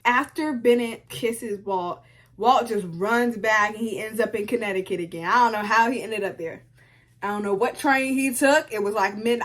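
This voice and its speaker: A young woman recapping a TV show in casual commentary, sassy and animated, talking back to the characters. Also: medium pitch. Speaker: video essay host.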